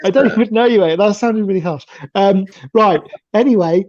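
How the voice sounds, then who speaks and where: A man's voice: high-pitched, brisk, darkish tone. Male host, a bit tipsy, rambling jokey banter, muffled lo-fi audio. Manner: rambling, jokey, trails off often. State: a little tipsy. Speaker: podcast host. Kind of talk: casual chat.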